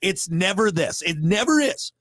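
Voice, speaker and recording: A man's voice: high voice, big pitch swings, moderate pace, fairly bright tone, no room sound. A man co-hosting a casual talk show, rambling and joking with frequent restarts. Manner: rambling, jokey, many restarts. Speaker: co-host. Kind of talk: casual chat.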